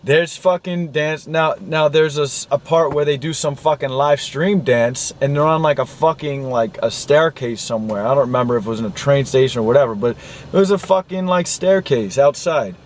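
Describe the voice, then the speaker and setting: An indignant man delivers an angry film rant, full of swearing and repeated words, in a voice of ordinary male pitch. Faint noise hums behind him. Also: normal speed. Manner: profane, indignant, repeats himself. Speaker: vlogger reviewing a film.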